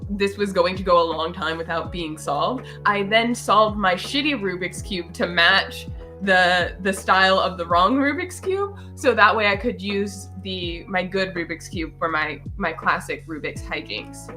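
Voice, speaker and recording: A woman's voice: lowish voice, unhurried, bright, forceful tone, faint music behind. A woman co-host in casual chat, eager and emphatic as she explains herself. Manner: eager, emphatic, self-amused.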